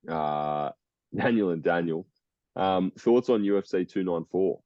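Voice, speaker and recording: Young aussie bloke rambling on a podcast, low mellow voice, laughs a lot, kinda muffled dry sound. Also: male voice, a little slow, dry recording. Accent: Australian. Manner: laid-back, rambling, laughs often. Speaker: podcast co-host. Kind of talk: casual chat.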